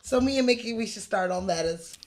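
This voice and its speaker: A woman's voice: medium pitch, a little fast, close to an everyday voice. A woman reading the part of a young outlaw woman from a killer couple, in a casual unrehearsed scene read. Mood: dreamy.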